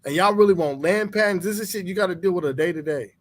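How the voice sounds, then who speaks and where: A man co-hosting a casual chat, blunt and profane, animated as he tells stories. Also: fast, hardly any pauses. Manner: animated storytelling, mimics others in high voice. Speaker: podcast co-host.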